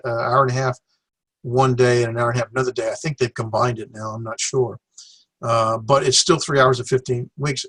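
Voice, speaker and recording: A man teaching a classroom lecture, pausing often with fillers and slowly sounding out syllables for students. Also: mid-range voice, a bit bright, dry recording. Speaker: Greek teacher.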